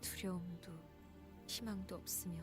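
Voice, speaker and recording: A weary, melancholy game heroine, voiced by a woman, speaking in a soft, hushed tone. Her delivery is flat and very quick. Game music plays underneath. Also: on the low side, natural voice.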